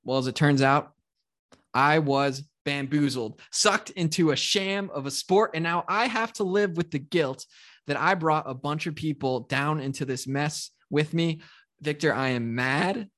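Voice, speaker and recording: A man co-hosting a podcast, telling a sports story in an animated, ranting way. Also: fairly high pitch, a little slow. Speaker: podcast co-host. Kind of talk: casual podcast chat.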